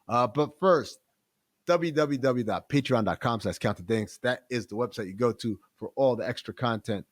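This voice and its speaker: A man hosting a casual podcast, talking loudly and animatedly with plenty of profanity. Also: medium pitch, no echo, studio quality. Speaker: podcast host.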